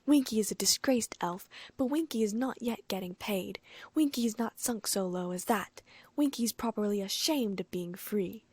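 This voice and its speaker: A woman's voice: mid-range voice, moderate pace, darkish tone, slightly rough, dry recording, lightly acted. A woman reading an audiobook, voicing a tearful, fiercely loyal female house elf who speaks in broken grammar. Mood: tearful, indignant. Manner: broken grammar, sobbing and indignant. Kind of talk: audiobook character voice.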